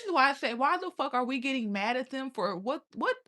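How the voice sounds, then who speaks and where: A young woman chats on her livestream in a loose, casual way. She talks bluntly and swears freely, and laughter breaks in now and then. Her voice is bright and forceful. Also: sits high, animated, fairly quick, few pauses. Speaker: live streamer.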